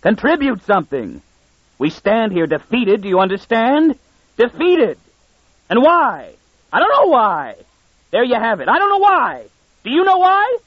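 Enraged despot lord, yelling high and wild, as a male narrator puts him on; husky, dull recording. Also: sing-song, normal speed, no echo. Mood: raging. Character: furious male warlord lord, ranting.

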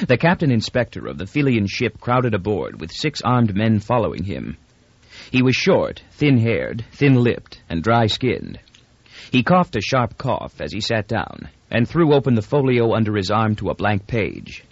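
A man reading a novel aloud as an audiobook narrator, telling it in an expressive, even way. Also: lowish voice, unhurried, gravelly, slightly rough, dry recording. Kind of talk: scripted narration. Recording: dull, lo-fi dry recording.

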